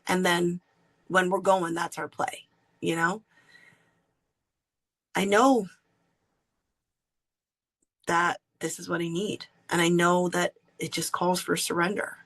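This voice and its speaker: A woman hosting a podcast, candidly telling a personal story in an animated way and laughing often. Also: fairly low pitch, slow, long pauses, poor audio. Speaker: podcast host.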